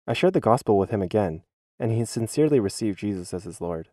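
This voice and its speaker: A man's voice: lowish voice, expressive, quick pace, warm tone, dry recording, clean studio sound. Earnest man reading a church testimony. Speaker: schoolteacher giving a church testimony. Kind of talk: dubbed testimony voice-over.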